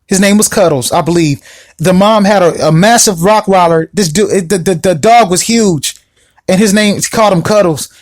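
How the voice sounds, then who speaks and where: Man, podcast host, high voice, casual storytelling, lots of fillers, restarts. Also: moderate pace. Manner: animated, acts out quoted voices, many fillers and restarts.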